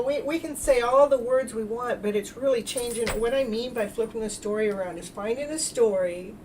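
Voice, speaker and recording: A woman spiritual coach talking casually to her livestream chat, telling stories with halting restarts and bursts of lively acted-out exclamations. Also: medium pitch, distant mic, slight background noise, low-quality recording. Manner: animated storytelling, acts out her own past thoughts with loud exclamations; halting, repeats and restarts words. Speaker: self-love coach and spiritual healer. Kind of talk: livestream talk to chat viewers.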